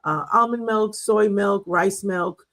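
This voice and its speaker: A woman's voice: mid-range voice, takes it slowly, fairly bright tone, low-quality recording. A middle-aged woman hosting a wellness talk, chatting casually and telling stories with frequent laughs and fillers. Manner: chatty, storytelling, laughs often, many fillers. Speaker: wellness show host.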